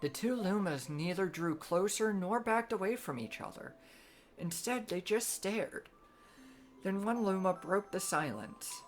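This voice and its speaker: A woman streamer reading a storybook aloud in a gentle, measured bedtime manner. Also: fairly low pitch, soft background music.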